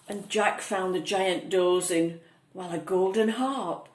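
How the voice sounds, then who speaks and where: A woman reading a picture book aloud to a child, gently pointing out the pictures as she goes. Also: on the low side, slow pace. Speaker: storyteller. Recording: echoey room, faint noise.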